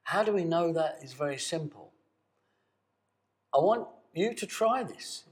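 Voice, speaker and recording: A man teaching a guided voice and breathing exercise, speaking to camera in a calm, coaxing way and demonstrating sustained sung tones. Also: on the high side, a little slow. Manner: calm, coaxing, addresses the viewer directly. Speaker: voice and meditation teacher.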